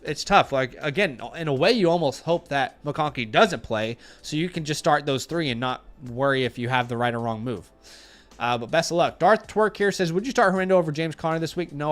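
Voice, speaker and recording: This fantasy football host speaks in a slightly high, fairly bright voice, answering viewer questions on a casual live stream. He has a runny nose, voices blunt opinions, and thinks aloud with fillers and restarts.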